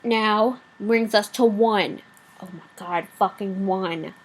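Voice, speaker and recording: A woman's voice: mid-range voice, slow pace, breathy edge, poor audio. A woman vlogger delivering a blunt, profanity-laced rant, rambling with asides and fillers.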